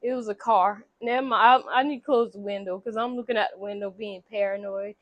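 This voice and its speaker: A woman's voice: mid-range voice, fairly even intonation, fairly quick, no room sound, dull audio. A woman telling a story in casual chat at home, acting out the characters' lines with voices. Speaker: vlogger recapping a movie. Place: home room near a window.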